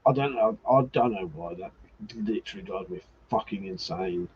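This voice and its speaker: A livestream host chats casually with his viewers, teasing them while swearing and laughing. His voice is fairly low and husky, his pace moderate, and the audio comes through slightly muffled.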